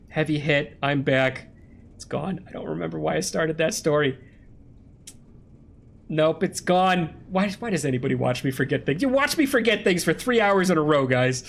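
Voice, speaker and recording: A man's voice: on the high side, creaky. A young American man streaming a game, chatting casually with viewers and rambling through stories while laughing at himself. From United States. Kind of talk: casual live-stream chat while gaming. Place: home streaming room with a green screen.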